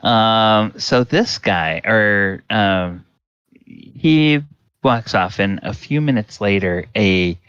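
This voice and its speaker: A man narrating as game master, unhurried and full of fillers. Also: on the low side, a bit bright, smooth, no echo. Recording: dull lo-fi sound.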